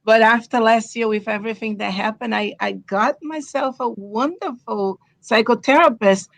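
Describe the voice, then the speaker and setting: A woman's voice: fairly high pitch, normal speed, dry recording. A woman from Brazil with a Brazilian Portuguese accent, a guest in a casual podcast chat, speaking earnestly in short emphatic statements.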